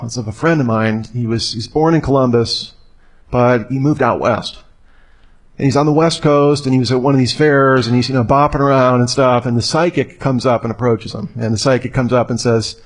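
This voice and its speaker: A man's voice: medium pitch, steady tone, normal speed. Guy giving a talk to a crowd, chatty, tells stories, asks questions, normal mid voice. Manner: conversational, storytelling, rhetorical questions. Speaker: speaker. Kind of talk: talk to a live audience.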